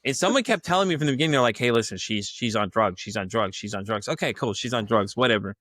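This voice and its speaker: A man's voice: lowish voice, fast, no room sound, studio quality. A man telling a wild workplace story on a podcast, swearing freely and acting out the people in it with sudden jumps in voice. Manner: animated, profane, acts out the people in his story; laughs often. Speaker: podcast guest. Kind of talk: casual storytelling.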